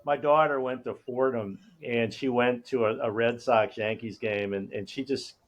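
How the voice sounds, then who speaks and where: A man's voice: medium pitch, moderate pace. Chatty man host trading stories. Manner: lively anecdotal storytelling. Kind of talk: casual chat.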